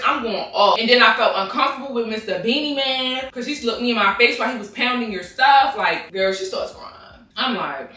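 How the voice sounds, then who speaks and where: A woman, telling a casual storytime to camera in a slangy, animated way and jumping into high voices when she quotes people. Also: a little fast, hardly any pauses, recorded from a distance, soft background music. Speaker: storytime vlogger. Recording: echoey room, mic set back.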